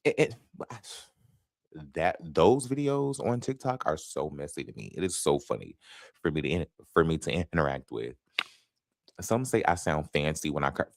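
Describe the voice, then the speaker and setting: A man in his thirties with a Southern North Carolina accent chats casually with his viewers. He swears freely and talks in a fairly low voice that swings up and down a lot. The sound is dry and close. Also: no echo. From Fayetteville, North Carolina. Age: 30s. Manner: animated, swearing, chatty with viewers. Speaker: host. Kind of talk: casual livestream chat.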